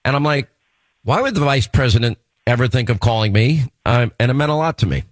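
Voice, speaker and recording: A man's voice: medium pitch, expressive, a little fast, dry recording. A middle-aged man with a New York accent hosting a radio talk show, chatting in a rambling way and often restarting his sentences. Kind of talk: radio interview.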